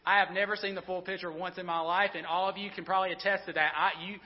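A man in his thirties, a pastor preaching a sermon in a conversational, animated storytelling way with many restarts. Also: high voice, fast talker. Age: 30s. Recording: dull sound with long hall reverb.

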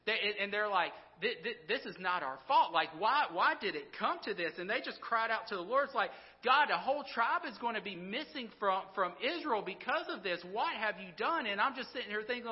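A man with a high voice leads a casual Bible lesson, retelling an old story in plain everyday words. He stumbles often and repeats himself as he goes. The recording sounds dull and lo-fi. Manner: stammering, repeats words, voices characters informally. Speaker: Bible teacher.

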